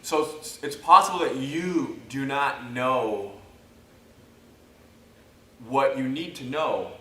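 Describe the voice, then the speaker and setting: A man's voice: medium pitch, slow pace, bright, forceful tone. A man who is a jiu-jitsu instructor, explaining step by step in a casual chat. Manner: explanatory, builds points step by step. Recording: echoey room, mic at a distance.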